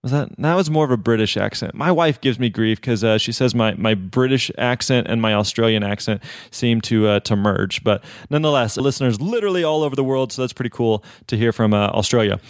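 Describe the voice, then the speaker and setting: A man's voice: mid-range voice, brisk, dry recording, clean studio sound. A man hosting a podcast, wrapping up an episode in an upbeat, encouraging, conversational way with frequent fillers. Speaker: podcast host. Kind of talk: casual podcast wrap-up.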